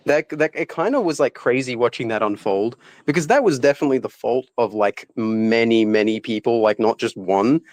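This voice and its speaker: A man's voice: medium pitch, expressive, brisk, hardly any pauses, a little mellow, no echo. A young Australian man co-hosting a podcast, chatting casually with crude joking banter. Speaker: podcast co-host. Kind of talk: casual chat.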